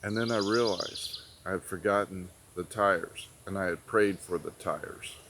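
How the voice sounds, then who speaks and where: A man's voice: low-pitched, unhurried, noisy background. A middle-aged man telling a long personal story in a folksy, rambling way, often repeating "I said" as he retells conversations. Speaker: prepping channel host. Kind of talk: casual storytelling.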